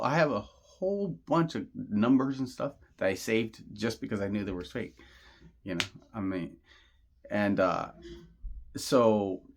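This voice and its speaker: Man, fairly low voice, casual storytelling monologue, rambling, slangy, repeats himself, insistent. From Southern California. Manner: earnest and insistent. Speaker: channel host.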